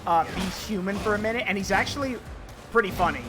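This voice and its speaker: Animated high-voiced man chatting. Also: fast, music in the background. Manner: animated, laughing while telling jokes. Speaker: streamer. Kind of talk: casual gaming chat.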